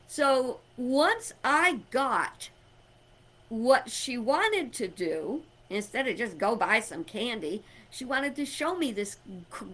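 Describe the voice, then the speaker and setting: A woman's voice: a little high, a bit bright. A middle-aged woman giving an inspirational talk, emphatic and conversational, telling personal stories and chuckling. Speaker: spiritual speaker.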